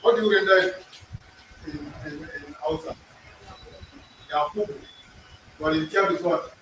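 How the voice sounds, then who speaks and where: A man's voice: a little high, unhurried, noisy background. A man teaching an in-person language class, drilling pronunciation, repeating words and quizzing his students. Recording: echoey room, far from the mic.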